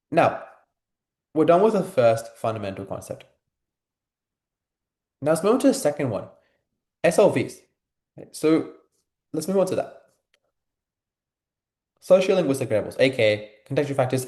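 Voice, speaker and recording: Young aussie guy teaching a class, chill and full of fillers, mid-pitched voice, echoey room. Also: darkish tone. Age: young adult. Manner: casual, filler-heavy, asks students questions. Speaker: tutor. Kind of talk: live online class teaching.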